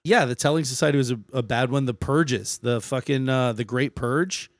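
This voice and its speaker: A man's voice: medium pitch, normal speed, no room sound, studio quality. A man co-hosting a podcast, casually explaining history and swearing a lot. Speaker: podcast co-host.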